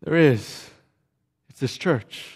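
A man preaching a sermon, telling stories dramatically and swinging from loud to hushed. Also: mid-range voice, expressive, takes it slowly, husky. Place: church sanctuary. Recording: long reverb of a church sanctuary.

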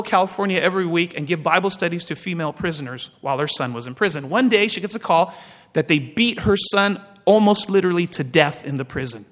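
High-voiced preacher in a reverberant hall. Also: male voice, fairly bright tone. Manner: storytelling preacher, slows down for emphasis. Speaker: pastor. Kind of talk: sermon.

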